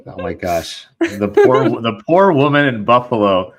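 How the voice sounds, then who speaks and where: A man's voice: medium pitch, very animated, a little slow. A man hosting a podcast who chats in a casual, friendly way as he wraps up an interview. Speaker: podcast host.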